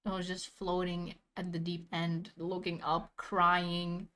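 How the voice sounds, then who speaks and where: A woman's voice: fairly low pitch, completely flat delivery, slow, fairly bright tone. A young woman chatting casually as she reacts to a video, rambling in slang and laughing often.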